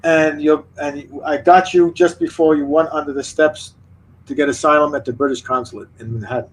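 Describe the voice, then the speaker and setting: An American man in casual chat, speaking hesitantly with halting restarts and easy laughter. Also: on the high side, fairly even intonation, slight background noise, poor audio.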